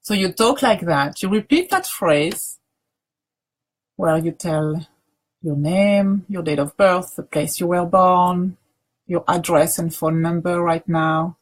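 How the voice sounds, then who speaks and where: A woman teacher leading a guided grounding practice, speaking softly with many pauses and restarts. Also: fairly low pitch. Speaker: meditation teacher.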